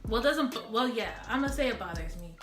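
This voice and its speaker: A woman's voice: on the high side, animated, fast. Blunt woman vlogger in an echoey room. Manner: blunt, talks straight to viewers. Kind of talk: impassioned direct-to-camera rant. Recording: echoey room with background music.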